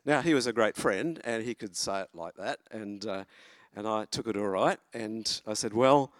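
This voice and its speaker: A man's voice: on the low side, moderate pace, a bit bright, no room sound, clean studio sound. Older man preaching encouragement. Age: 70s. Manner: earnest, encouraging, with hesitations and restarts. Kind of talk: sermon. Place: church, at a lectern.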